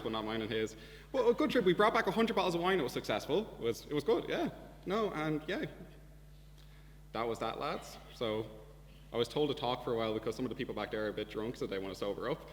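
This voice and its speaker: Young man, Irish accent, joking storyteller, mid pitch, long hall reverb. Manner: wry, profane, deadpan storytelling. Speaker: student debate speaker. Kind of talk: comic storytelling speech. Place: debating chamber. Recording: reverberant hall with faint hum.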